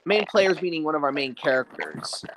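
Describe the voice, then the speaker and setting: Lively-voiced man streaming with friends. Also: a little high, normal speed, noisy background. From Argentina. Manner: eager, asks questions. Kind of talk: casual chat.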